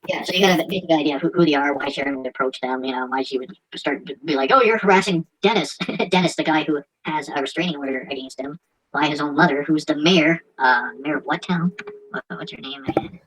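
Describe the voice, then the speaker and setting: Low-voiced woman hosting a podcast, talks fast, swears a lot, snickers, trips over words reading stuff out. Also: slightly rough, low-quality recording. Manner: crude, mocking, laughs often; stumbles while reading aloud. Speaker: podcast host. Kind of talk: casual profane chat.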